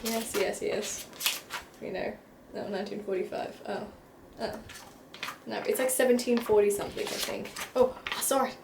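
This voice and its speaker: A woman's voice: fairly high pitch, fairly even intonation, normal speed, vocal fry, pauses often, heavy background noise. A young woman chatting casually to the camera in her bedroom, giggly and self-deprecating, tripping over words and laughing at herself. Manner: bubbly, giggly and self-deprecating, with frequent slips and restarts. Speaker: book vlogger. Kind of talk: casual vlog chat.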